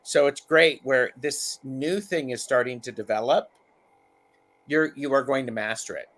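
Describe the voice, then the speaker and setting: A man reading tarot cards in casual conversation, halting and searching for words with many fillers and restarts. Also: medium pitch, fairly bright tone. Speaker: tarot reader. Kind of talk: casual chat and card reading.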